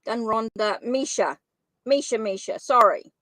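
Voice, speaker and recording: In an unhurried, slightly high and a bit bright voice, a woman hosting a live tarot stream chats casually, apologizing and pondering aloud as she types viewers' names. She admits to a funny accent. The recording is rough, with no room sound.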